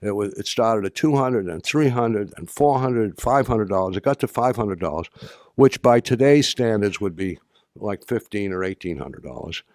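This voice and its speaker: Older man, halting storyteller, low voice. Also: lively intonation, darkish tone, no echo. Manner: halting, many restarts and fillers, dry humor. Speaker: speaker addressing an audience. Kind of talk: anecdotal talk.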